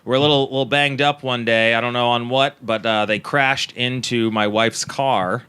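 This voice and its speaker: A man's voice: mid-range voice, normal speed, clear, resonant tone. A man, a comedian guest telling a long story in casual podcast chat. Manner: rambling, animated storyteller with frequent restarts. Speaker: comedian guest, club booker.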